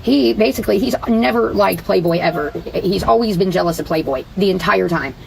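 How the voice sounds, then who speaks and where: A woman livestreaming to her viewers, rambling and venting with plenty of profanity. Her voice has a gravelly, fried texture at a mid pitch. Faint background noise runs under her talk. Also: brisk, a little mellow, poor audio. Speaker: livestreamer talking to her chat. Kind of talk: casual livestream chat.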